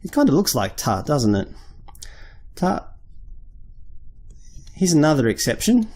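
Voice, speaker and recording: A man teaching a lesson at a board, slowly and patiently repeating syllables and correcting himself aloud. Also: fairly high pitch, huge pitch swings, warm tone. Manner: thinks aloud, self-correcting. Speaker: language teacher. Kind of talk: whiteboard lesson.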